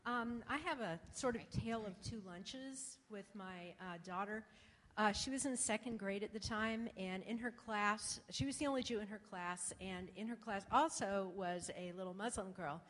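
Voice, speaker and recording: A woman, a mother, telling a lively anecdote at a panel discussion in an echoey hall. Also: medium pitch, moderate pace.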